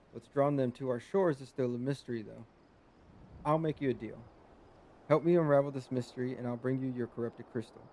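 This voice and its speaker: A man's voice: medium pitch, dark tone, close to an everyday voice. Man reading a formal lighthouse guard. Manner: formal, explanatory. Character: formal male lighthouse guard, polite and worried.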